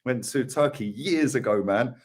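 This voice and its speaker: A man from England, co-hosting a football live stream, talks casually at a normal speed in a mid-range, darkish voice. He spins stories and keeps tacking "yeah" and "mate" onto his sentences.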